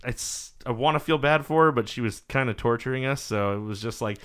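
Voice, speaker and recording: A man with a medium-pitched, clear, resonant voice talks fairly quickly. He's a podcast host telling stories in casual chat, animated and swearing freely while acting out what people said.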